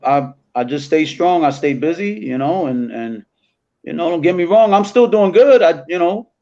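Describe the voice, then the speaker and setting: A man's voice: on the high side, expressive, normal speed, warm tone. Laid-back middle-aged New man. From the Bronx, New York City. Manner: laid-back street slang, many restarts and "you know". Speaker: interview guest. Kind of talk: candid conversational storytelling. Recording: dull lo-fi audio.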